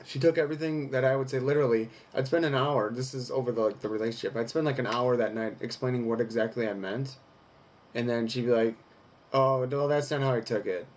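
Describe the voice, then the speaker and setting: A man's voice: mid-range voice, steady tone, quick pace, a little hiss or hum. A young man recording a candid personal vlog who reads from an article and then talks through it frankly, with some swearing. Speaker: vlogger.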